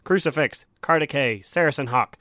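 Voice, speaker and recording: A man co-hosts a casual podcast while sick with a cough. His voice is bright and forceful, and it sounds dry and close to the mic. He reads the supporter list in a joking tone. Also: a little high, no echo. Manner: jokey, reads supporter names quickly. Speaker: podcast co-host.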